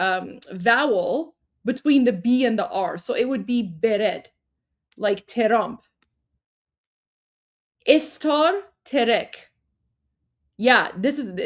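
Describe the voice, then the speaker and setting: A woman co-hosting a livestream, chatting casually with lots of fillers and restarts and frequent laughter. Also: fairly high pitch. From Iran. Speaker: livestream co-host.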